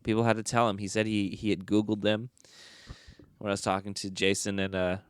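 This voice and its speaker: A man's voice: fairly low pitch, flat delivery, brisk, clear, resonant tone. A young man hosting a solo podcast from his bedroom, talking into a microphone in a joking, rambling, self-mocking way. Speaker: podcast host. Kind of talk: casual solo podcast chat. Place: bedroom at home.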